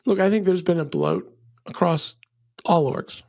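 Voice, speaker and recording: A middle-aged man speaks as a guest on an interview show, laying out his views with a gravelly edge to his voice. The sound is dry and close, with no room around it. He is opinionated and drifts into ranting. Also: a little high, unhurried, no room sound. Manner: animated storyteller, acts out quotes, ranty. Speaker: venture capital partner, guest. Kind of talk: conversational interview, opinionated explaining.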